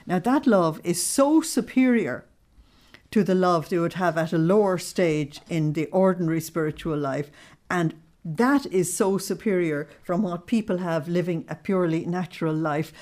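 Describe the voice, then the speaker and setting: Low-voiced woman teaching scripture. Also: mellow. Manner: measured, explaining with plain everyday examples. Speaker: religious teacher. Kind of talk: spiritual teaching to a small group.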